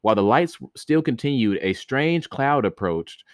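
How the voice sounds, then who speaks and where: A man's voice: mid-range voice, animated, moderate pace, dry recording, studio quality. A man reading an old myth aloud for a podcast, stumbling over words now and then and breaking off to joke about it. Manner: reads with stumbles and laughing commentary. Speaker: podcast host reading myths. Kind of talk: casual read-aloud storytelling with asides.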